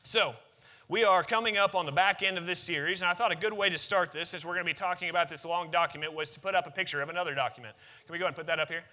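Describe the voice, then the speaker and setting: A man's voice: high voice, rapid-fire, sharp tone. A man preaching a sermon to a congregation into a microphone, reading scripture and then talking conversationally, asking the room questions. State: out of breath after reading. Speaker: pastor. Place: church sanctuary with congregation.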